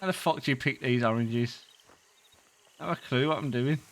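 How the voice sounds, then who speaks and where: A man's voice: mid-range voice, moderate pace. A man streaming a roleplay game live, swearing freely and laughing often between lines.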